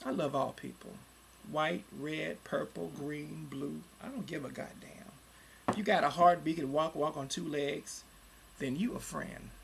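A gravelly, creaky-voiced person in their forties rants into a home computer mic, cursing hard. The voice jumps from heated shouting down to low, grumbling asides, and there is faint noise underneath. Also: unhurried. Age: 40s. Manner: profane and heated, swinging between loud outbursts and low muttering. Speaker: vlogger. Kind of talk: angry webcam rant.

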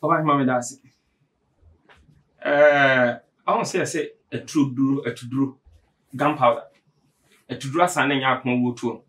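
A man's voice: mid-range voice, normal speed, long pauses, fairly bright tone. A Ghanaian man, a panel guest, explaining politics at length and mixing in English terms. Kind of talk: political discussion.

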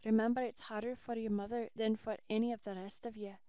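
A warm old Irish housekeeper, as a woman reader puts her on, full of homely turns of phrase. The voice sits fairly high and smooth for a woman, and the sound is close and dry in a storybook reading. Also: little pitch movement, fast, dry recording, natural voice. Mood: comforting.

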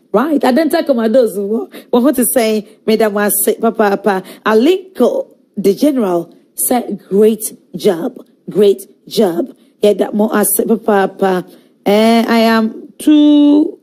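A middle-aged woman, hosting a live talk show, reading viewer comments aloud in a lively way and laughing often. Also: on the high side. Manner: animated, switching between Twi and English, laughing often.

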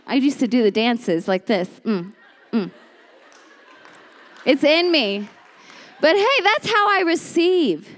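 A young woman with a high, bright voice preaches in a lively, conversational way. She tells her story with energy and slips into different voices as she goes, talking to the congregation like friends. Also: slow pace, pauses often, long reverb tail. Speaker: speaker at a women's church series. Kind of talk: animated storytelling sermon.

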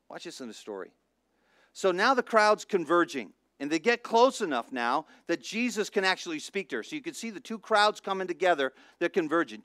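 A middle-aged man, a pastor, preaching a sermon with lively storytelling that swings between hushed and loud. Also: high voice, no room sound, clean studio sound. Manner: animated storytelling, acts out voices, swings from soft to loud.

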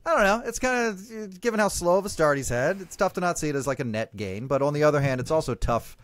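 A man's voice: on the high side, lively intonation, fast, dry recording. A man co-hosting a sports podcast in casual chat, with dry, wry humor. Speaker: podcast co-host.

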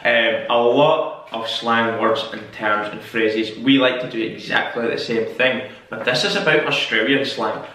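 A Scottish YouTube host muses aloud in a casual solo vlog, rambling and repeating phrases as he thinks, with an occasional offhand swear. His mid-range voice is sharp in tone, fairly even in intonation, and unhurried with few pauses. He sits some distance from the mic in a very echoey room.

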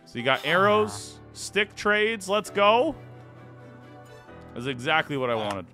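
A man's voice: sits high, sing-song, slow, sharp tone, faint music behind. A man live-streaming a video game, chatting casually and playfully with his viewers. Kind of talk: live gaming stream chat.

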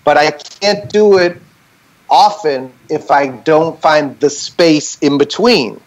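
An earnest man talking candidly as a podcast guest over a video call. His voice sits a little higher than most men's, and he works through his points reflectively, often tagging them with a quick "right?". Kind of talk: candid conversational storytelling.

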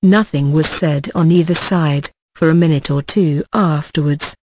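An audiobook narrator reading a classic novel in a measured, even storytelling manner. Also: medium pitch, slight background noise, poor audio.

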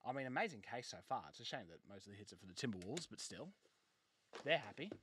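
A man hosting a live trading card break, excitably calling out each card and joking with a co-host. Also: medium pitch, quick pace, slight background noise. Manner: excitable, banters and jokes while calling out pulled cards. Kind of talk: live case break commentary.

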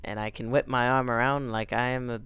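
A man's voice: mid-range voice, fairly even intonation, fairly quick, a bit bright, smooth, dry recording. A man doing goofy gameplay commentary, yelping and joking whenever his character crashes. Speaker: let's play gamer.

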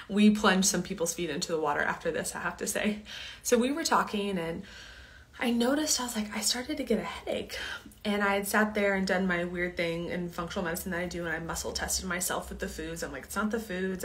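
A woman hosting a casual storytelling monologue, chatty and earnest, sometimes dropping to a near-whisper. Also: medium pitch. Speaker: host.

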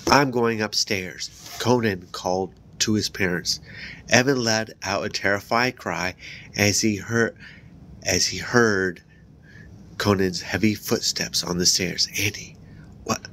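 A man reading a children's horror book aloud, raising his voice higher and louder for the characters' lines and dropping low for the narration tags. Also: unhurried, slight background noise. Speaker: book reader.

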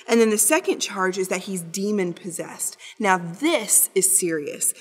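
A woman's voice: mid-range voice, animated, unhurried, husky. A woman teaching a Bible study in a conversational, explanatory way, with emphatic readings. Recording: long hall reverb.

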